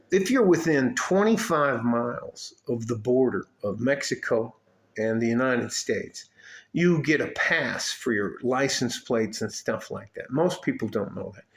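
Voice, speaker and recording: A man from Detroit telling a story in a casual vlog rant, swearing often and rambling with many fillers and restarts. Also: medium pitch. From Highland Park, Detroit. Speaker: vlogger.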